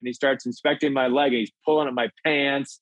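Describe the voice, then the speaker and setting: A middle-aged man from Minnesota, a comedic actor and filmmaker, telling an animated anecdote and acting out the voices. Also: medium pitch, a little fast, dry recording, low-quality recording. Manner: acts out voices in his anecdotes, excitable. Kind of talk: animated storytelling. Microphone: video call.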